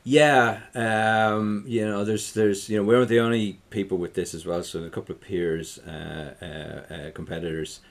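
Deep-voiced Irish man, rambling. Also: little pitch movement, measured pace, gravelly, hardly any pauses. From Ireland. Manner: rambling, many restarts, trailing off quietly. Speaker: guest, tech entrepreneur. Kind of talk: casual interview chat.

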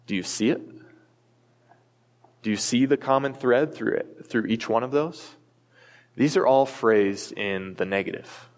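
A pastor delivering a sermon in a church, earnest and emphatic, with the odd light aside to the congregation. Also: male voice, on the low side. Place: church sanctuary. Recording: long reverb from a large hall.

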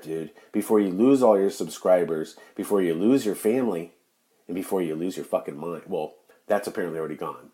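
A man's voice: deep voice, warm tone. Angry, profane man ranting on a podcast. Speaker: podcast host. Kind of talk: solo podcast rant.

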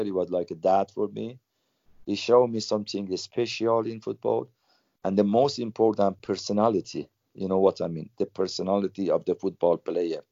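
Older guy, low dark voice, halting english, dry dull sound. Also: no room sound. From Iran. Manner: halting, repeats words, non-native phrasing. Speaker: former footballer, guest. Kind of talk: interview storytelling.

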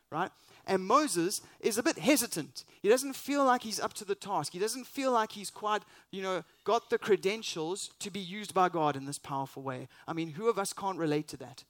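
A man's voice: high voice, expressive, normal speed, few pauses, fairly bright tone, no room sound. Earnest male preacher, dry sound. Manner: earnest, emphatic preaching with rhetorical questions. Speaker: pastor. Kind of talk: sermon.

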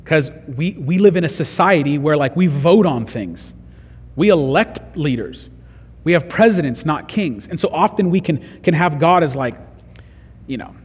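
A man delivers a sermon in an earnest, conversational way, building to emphatic moments. His voice sits a little high and has a husky edge. The sound carries a long reverb, as from a large hall. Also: expressive, moderate pace. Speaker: pastor.

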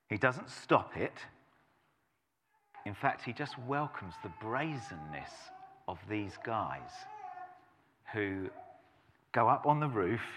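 A man's voice: mid-range voice, a little hiss or hum. A middle-aged man, preaching a sermon as a pastor, telling stories with playful asides. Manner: animated storytelling with playful asides. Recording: long reverb of a church hall.

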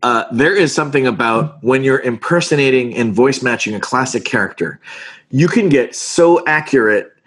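Animated man, voice actor chatting. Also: mid-range voice, slightly rough. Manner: animated, fast, restarts words. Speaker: voice actor guest. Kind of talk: casual interview chat.

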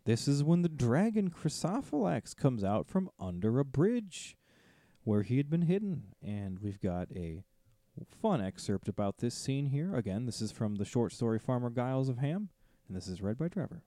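Relaxed man summarizing a story. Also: medium pitch, normal speed, no echo. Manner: relaxed, summarizing plot with light laughs. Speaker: podcast co-host. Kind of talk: casual discussion summarizing a story.

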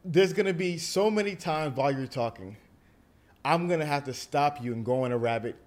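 Young male podcast host, eager and emphatic, a touch high-voiced. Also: fairly quick. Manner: animated, emphatic, repeats words when excited. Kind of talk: casual podcast conversation.

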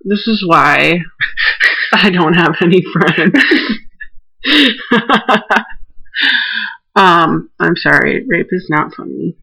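A woman's voice: lowish voice, gravelly, bright, forceful tone, slightly rough, low-quality recording. A woman co-hosting a podcast, talking casually with blunt, teasing jokes. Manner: blunt, teasing, quick to joke. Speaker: podcast co-host. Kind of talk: casual chat.

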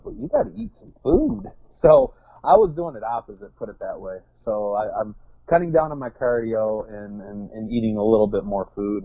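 Guy w a lowish voice just rambling along, cracks jokes on himself, dry dull sound. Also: no echo. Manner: rambling, self-deprecating, joking. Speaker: guest. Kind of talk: casual interview chat.

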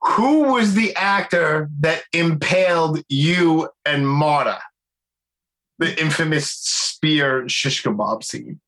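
A man with a Brooklyn accent hosts a podcast, talking like an eager fan who swears casually. His voice sits a little high and sounds bright and forceful. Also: lively intonation, slow. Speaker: podcast host. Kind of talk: casual interview.

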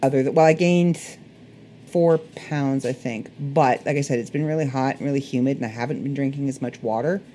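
A woman with a Canadian accent, a little hoarse, rambling through a casual solo podcast chat. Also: a bass voice, a little fast, mellow, slight background noise. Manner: rambling, chatty, self-correcting. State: slightly hoarse. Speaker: podcast host.

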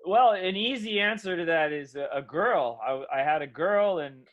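A man's voice: on the high side, lively intonation, normal speed, highs cut off. A man from California, guest actor and producer, chatting easygoing on a video call, swearing casually. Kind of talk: casual chat.

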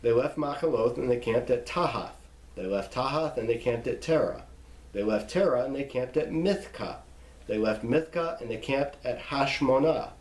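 A man's voice: medium pitch, animated, reverberant, low-quality recording. Man teaching careful scripture pronunciation. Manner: reads name lists slowly, pausing to spell out pronunciations. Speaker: Bible reading teacher. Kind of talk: instructional reading of scripture.

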